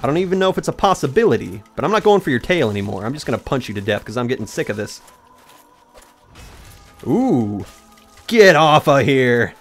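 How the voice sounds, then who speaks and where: A gaming YouTuber fires off words rapidly at mid-range pitch, hardly pausing, while soft music plays. The young man animatedly narrates a meandering personal story during his let's play and interrupts it to talk to the game.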